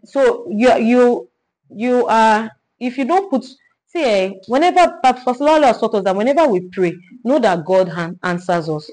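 A woman leading a Bible study, teaching in an animated way, repeating herself and asking rhetorical questions. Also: fairly high pitch, moderate pace, rough recording.

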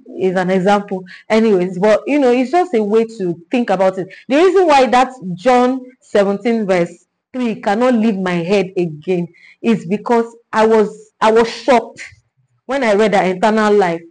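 A woman leading a Bible study, teaching in an animated way, repeating herself and asking rhetorical questions. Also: mid-range voice, moderate pace, poor audio.

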